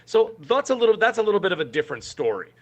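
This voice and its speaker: A man's voice: sits high, sing-song, racing. A man co-hosting a gaming podcast, talking in an emphatic, rambling way with many restarts. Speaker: podcast co-host. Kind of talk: casual podcast chat.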